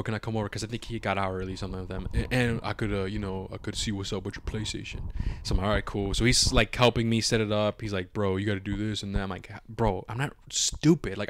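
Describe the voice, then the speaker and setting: A young man on a podcast telling a long story in casual chat, animated, swearing freely and acting out what everyone said. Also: lowish voice. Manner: animated, swears a lot, acts out his own quotes. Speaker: podcast co-host.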